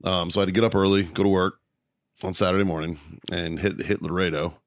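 A man's voice: deep voice, fairly even intonation, fast, no room sound. A man co-hosting a podcast, telling a weekend story in casual chat, cursing freely and laughing often. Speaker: podcast co-host.

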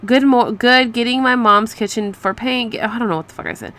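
A woman's voice: on the high side, quick pace, bright, forceful tone. A woman in her thirties telling a story in a casual, sassy way, reading out chat messages with profane asides. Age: 30s. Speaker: vlogger. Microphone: close to the mic.

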